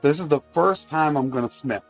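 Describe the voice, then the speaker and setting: A man's voice: fairly high pitch, brisk, faint music behind. A man streaming a video game live, chatting casually to his viewers while he plays. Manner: chatty, talks to chat while playing.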